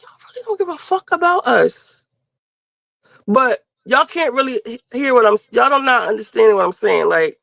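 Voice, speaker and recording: A woman's voice: on the high side, pushed and bright, no room sound. A woman panelist in casual chat, talking bluntly and rambling with plenty of swearing. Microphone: video call.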